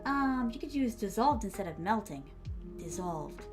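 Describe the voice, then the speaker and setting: A woman's voice: medium pitch, animated, moderate pace, faint music behind. A woman streamer musing aloud as she rewrites sentences, playful and chatty, with a slight put-on accent. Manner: muttering drafts aloud, playful. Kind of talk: casual writing stream.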